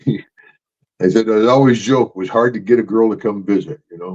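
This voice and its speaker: A retired wrestler from Louisiana co-hosts a podcast, telling stories boisterously, laughing often and acting out the voices of the people in them. His voice is on the low side, dark and a bit breathy, moving at a moderate pace with long pauses. The lo-fi audio sounds dull.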